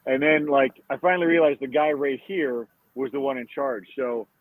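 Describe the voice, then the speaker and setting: A man's voice: medium pitch, fairly even intonation, normal speed, no room sound. A man guest on a podcast, telling stories with a joking, self-deprecating humor. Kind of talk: casual chat. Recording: tinny, dry phone line.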